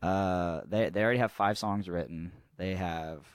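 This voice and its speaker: Podcast co-host, young man, low voice, loose rambling storyteller, swears freely, dry close sound. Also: normal speed, clear, resonant tone, no room sound. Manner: rambling, swears freely, restarts often, laughs at own story. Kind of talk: casual storytelling chat.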